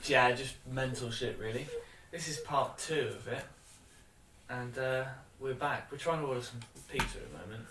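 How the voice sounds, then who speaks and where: A man's voice: medium pitch, normal speed, fairly bright tone, recorded from a distance. A man co-hosting a podcast, bantering casually in a laid-back, teasing way. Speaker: podcast co-host. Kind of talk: casual chat. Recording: echoey room, off-mic.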